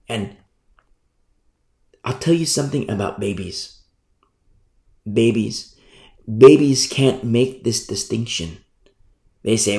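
A male pastor preaching a sermon, acting out grumbling church members in a conversational, animated way. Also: medium pitch, slow pace, long pauses, roomy sound. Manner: animated, acts out congregation's grumbling.

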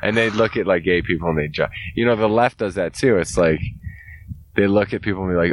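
A man's voice: deep voice, a little fast, a little hiss or hum. A young man co-hosting a podcast, talking casually, swearing a lot and laughing often. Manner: profane, animated, laughs often. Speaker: podcast co-host.

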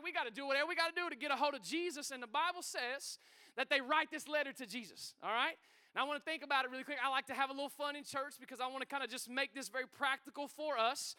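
A male pastor, preaching a sermon in a church in an excitable, energetic, joking way. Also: extremely high pitch, clear, resonant tone. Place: church sanctuary.

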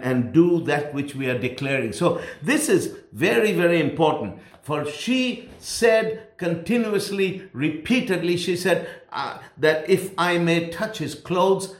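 Emphatic preacher man, echoey room. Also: on the high side. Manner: emphatic, repeats key phrases for stress. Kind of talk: sermon.

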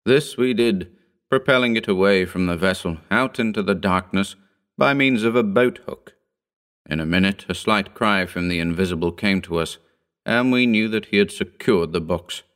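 A man reads a horror short story aloud in a measured, solemn way, letting each sentence unfold steadily. His voice is on the low side, a bit bright and smooth.

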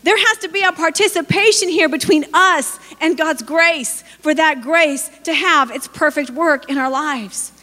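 A woman's voice: high voice, measured pace, hardly any pauses, bright, forceful tone. A woman in her forties preaching a sermon, telling personal stories with humor and speaking directly to the congregation. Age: 40s. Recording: long hall reverb.

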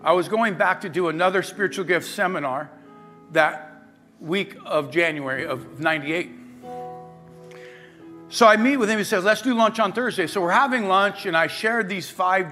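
Animated storytelling pastor, bright voice. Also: male voice, high-pitched, moderate pace. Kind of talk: sermon, storytelling. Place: church sanctuary. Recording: faint guitar music behind.

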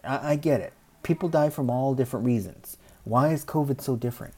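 A commentator with a warm, husky, mid-range voice rambles through a casual monologue, saying what he thinks. He says "you know" a lot and briefly acts out other people in quick asides.

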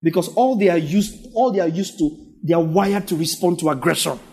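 A man delivers a sermon, pressing each point through repetition and frequent asides to the congregation. His voice sits high for a man and has a husky, grainy edge. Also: fairly quick, mellow. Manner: emphatic, repetitive exhortation with frequent "yeah?" to the congregation. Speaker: pastor.

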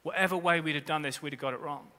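High bright-voiced male preacher in a hall. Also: quick pace. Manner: earnest preaching with repeated phrases. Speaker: pastor. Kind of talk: sermon. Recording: long reverb of a large hall.

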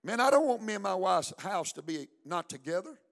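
A man preaching a fiery sermon at a church service, shouting, chanting, and calling on the congregation to answer back. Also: high-pitched, very animated, a little fast, creaky. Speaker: pastor.

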